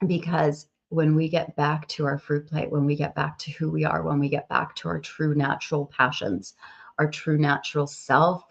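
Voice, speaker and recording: Woman, congested with a cold, business coach, expressive live stream, lowish voice, dull muffled audio. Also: moderate pace, gravelly. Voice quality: expressive, laughs often, swings between bright and soft. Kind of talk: emotional live-stream talk to followers.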